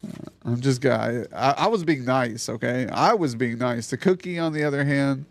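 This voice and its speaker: A male streamer with a gravelly, creaky voice talks loosely and swears often as he chats with a guest and his viewers. His sound is close and dry, with no room around it. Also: mid-range voice, a little fast, dry recording. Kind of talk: casual live-stream chat. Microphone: streaming mic on a mixer.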